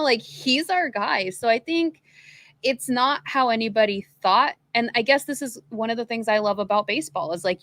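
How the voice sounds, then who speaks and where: A woman co-hosting a casual baseball podcast, talking in an even-keeled, chatty way. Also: fairly high pitch. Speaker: podcast co-host. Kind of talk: casual sports chat.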